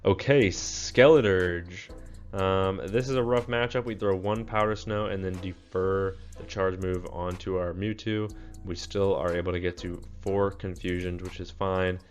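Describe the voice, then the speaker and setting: A young man giving relaxed gameplay commentary, tired and full of fillers. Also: low voice, unhurried. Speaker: game commentator.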